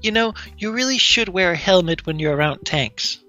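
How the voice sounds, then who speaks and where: A man voicing a timid young female school nurse in a game let's play, gentle and hesitant. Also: high-pitched, expressive, normal speed, soft background music.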